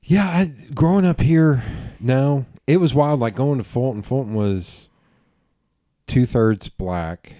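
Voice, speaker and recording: A man hosting a podcast, telling stories in a casual, animated way, swearing freely and laughing at himself. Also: mid-range voice, a little slow, hardly any pauses, no room sound, clean studio sound. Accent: regional accent he remarks on himself. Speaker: podcast host. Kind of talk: casual conversation.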